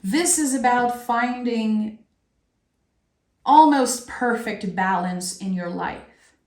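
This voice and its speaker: Woman, tarot reader, slow unhurried delivery, heartfelt and earnest, echoey room. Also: a little high, darkish tone. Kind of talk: spiritual tarot reading. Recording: roomy echo.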